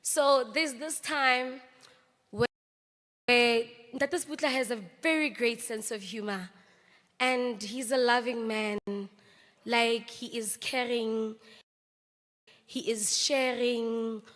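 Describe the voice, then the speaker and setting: Brief: slow, high, bright South African actress telling eulogy anecdotes in a reverberant memorial hall. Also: female voice, fairly even intonation. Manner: anecdotal, mixes languages, laughs between stories.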